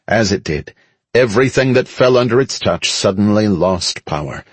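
A man's voice: on the low side, husky, dry recording. A man reading first-person scripted narration in an audiobook, storytelling steadily with dramatic lifts.

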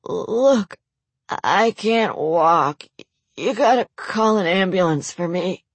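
A woman voicing a badly injured wealthy man who rasps, babbles and pleads for help. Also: lowish voice, expressive, slow pace, dry recording, exaggerated voice. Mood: desperate. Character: injured desperate rich man, rasping.

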